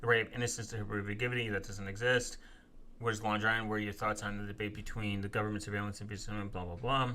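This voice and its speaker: A man live-streaming in a casual, profane rant, reading viewer comments aloud and quickly flaring up as he rebuts them. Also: fairly low pitch, flat delivery, sharp tone. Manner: profane, quick to flare up angrily. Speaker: live streamer answering chat.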